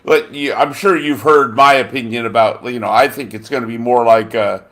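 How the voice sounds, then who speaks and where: Steady in tone and a touch quick, this mid-pitched male voice has a bit of brightness. The podcast host's chat is rambling and foul-mouthed, and he repeatedly reaches for names while filling gaps with fillers.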